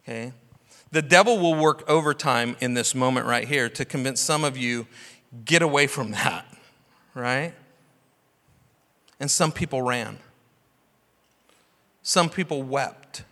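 A man's voice: mid-range voice, a little slow, long pauses, pushed and bright. A man preaching a sermon as pastor, passionate and full of rhetorical questions. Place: church sanctuary. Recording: long hall reverb.

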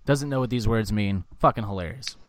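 A man's voice: fairly low pitch, brisk, background noise. A man co-hosting a casual podcast, telling a story with a lot of swearing and acting out the quoted voices. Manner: animated storyteller, swears often, acts out quotes. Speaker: podcast co-host. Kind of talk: casual chat.

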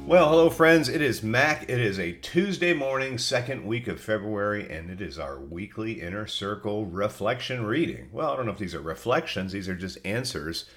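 A middle-aged man hosts a podcast alone and reads out listener answers. He has a cold and talks in a chatty, folksy way with asides. His voice sits a little low. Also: lively intonation, moderate pace, hardly any pauses, fairly bright tone, soft background music. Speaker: podcast host. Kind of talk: casual solo podcast reading listener answers.

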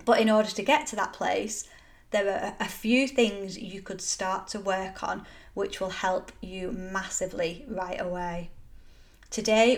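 A middle-aged woman hosting a solo motivational podcast, talking in an earnest, encouraging and emphatic way. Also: medium pitch. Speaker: podcast host.

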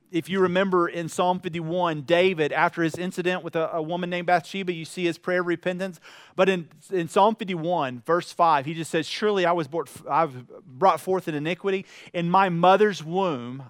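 A man's voice: a little high, normal speed, smooth, no echo, studio quality. A man preaching a conversational sermon as pastor, asking the congregation rhetorical questions and acting out little anecdotes.

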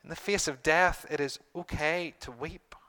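Earnest man preaching, slightly high voice. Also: pushed and bright. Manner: earnest, with repeated phrases and emphatic pauses. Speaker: pastor. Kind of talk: sermon.

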